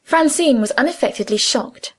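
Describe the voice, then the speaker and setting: A woman narrates a novel aloud with a high, lively voice. Her pitch rises and falls freely as she reads. The reading is measured and expressive. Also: breathy edge. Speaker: audiobook narrator. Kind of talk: scripted narration.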